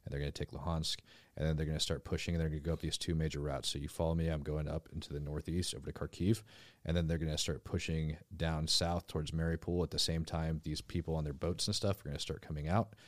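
A man's voice: rumbling low, flat delivery, quick pace, dry recording. A man hosting a casual podcast, explaining things while he draws on a map. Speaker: podcast host.

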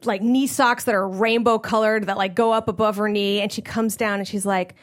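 A woman telling a funny personal story in an animated way, often laughing as she talks. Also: medium pitch, a little fast.

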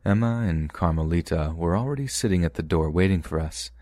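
Deep-voiced man narrating horror stories. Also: brisk, warm tone, no echo, clean studio sound. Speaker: podcast narrator. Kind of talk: reading submitted first-person true horror stories.

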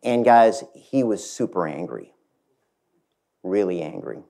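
A middle-aged man, a company chief, tells a story from his career to an audience, lively and speaking straight to the listeners. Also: low voice, slow pace. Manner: animated, addresses the audience directly. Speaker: CEO giving a talk. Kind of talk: storytelling keynote talk.

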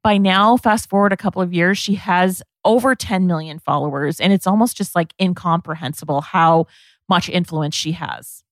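Chatty, low-pitched woman podcast host. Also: moderate pace, dry recording. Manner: chatty, enthusiastic. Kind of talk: casual podcast chat.

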